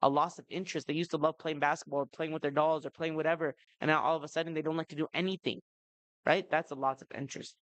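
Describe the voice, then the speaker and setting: A man's voice: fairly high pitch, fairly even intonation, fast talker, a bit bright, no room sound, poor audio. A man in his thirties giving a talk to parents at a community event, chatty, with many asides to the audience. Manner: conversational, many "you know" and "right?" asides. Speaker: speaker at a family seminar.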